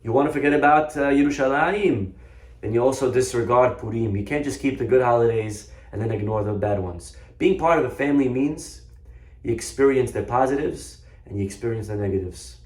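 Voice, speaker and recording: A man giving a storytelling sermon, animated, often restarting his sentences. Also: mid-range voice, a little fast. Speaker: Torah teacher. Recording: echoey room.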